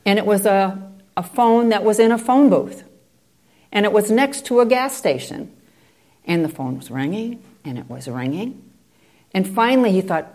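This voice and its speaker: A woman's voice: mid-range voice, expressive, normal speed, darkish tone. A woman telling a story in a conversational way, with digressive asides. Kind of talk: oral storytelling.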